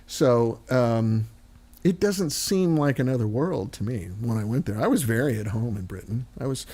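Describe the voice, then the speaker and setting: A man's voice: medium pitch, expressive, normal speed, dark tone, breathy edge. A man, chatting casually and joking with some swearing. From United States. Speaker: host. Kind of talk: casual chat.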